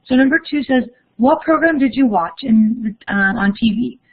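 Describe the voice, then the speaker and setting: Upbeat young woman, higher voice, teaching a live online class over a thin phone-like line. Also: expressive, moderate pace, breathy edge. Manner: upbeat, encouraging, reads chat aloud. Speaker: Spanish teacher. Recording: phone-like narrow audio.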